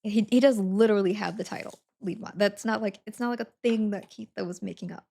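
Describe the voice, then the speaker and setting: A woman's voice: mid-range voice, quick pace, gravelly, warm tone. A woman livestreaming from home, chatting casually and laughing as she reads and answers her chat while packing. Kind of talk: casual live-stream chat.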